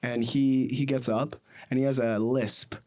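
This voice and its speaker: A young man from the United States hosts a casual podcast and tells his own stories. He talks in an animated, rambling way and leans on fillers. His voice sits at an everyday middle pitch. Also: a little slow. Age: 20s. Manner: rambling and animated, with many fillers like "you know what I mean". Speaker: podcast host.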